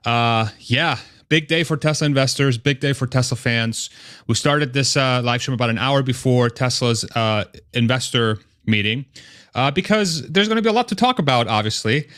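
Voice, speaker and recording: A man's voice: medium pitch, moderate pace, a bit bright, smooth. Upbeat man hosting a live stream. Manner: upbeat, laughs often, trips over words. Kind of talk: casual live stream chat.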